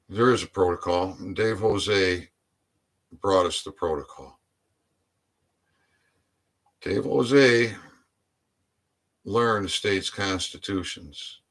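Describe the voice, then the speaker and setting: A man delivering a preachy political rant, exhorting his listeners and often rising into loud, emphatic outbursts. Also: low-pitched. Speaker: online commentator.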